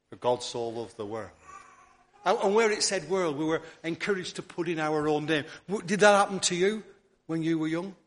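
A man preaching a sermon, earnest, often repeating words and restarting, dropping softly on key words. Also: sits high. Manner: drops to a soft near-whisper on key words.

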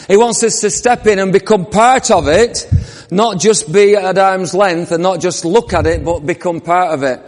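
In a church hall with long, echoing reverb, a high-voiced man delivers a sermon at normal speed. He tells the story vividly and asks his congregation questions.

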